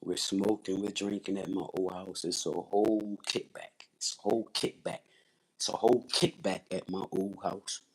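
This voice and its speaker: A husky, low-voiced man from Philadelphia, USA hosts a livestream, giving raw personal testimony. He speaks at a moderate pace in a level tone, intense, repetitive, blunt and profane.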